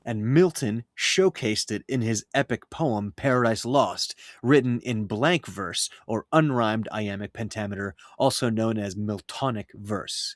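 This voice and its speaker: A man teaching how to write poetry in meter, speaking in a measured, scripted way and reading verse aloud with clear rhythm. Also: on the low side, dry recording, clean studio sound. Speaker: writing teacher. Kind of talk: scripted lesson narration.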